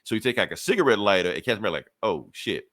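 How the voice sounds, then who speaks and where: A man's voice: on the low side, very animated, racing, fairly bright tone, dry recording, clean studio sound. A man on a podcast retelling a comic book story in casual chat, acting out the characters' lines and swearing and laughing as he goes. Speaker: podcast co-host.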